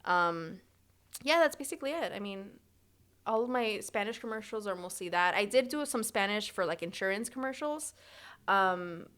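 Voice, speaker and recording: A young woman from Chicago, an actor guest on a podcast, talking in a chatty, animated way full of "like". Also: mid-range voice, moderate pace, clear, resonant tone. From Chicago, United States. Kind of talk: casual interview chat.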